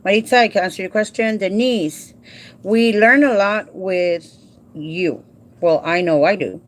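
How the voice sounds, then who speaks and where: A woman's voice: medium pitch, a little slow. A woman in her forties hosts a casual livestream, talking to viewers by name. She explains work paperwork step by step in a folksy way and drops into Spanish now and then. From Southern California. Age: 40s. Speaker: livestream host.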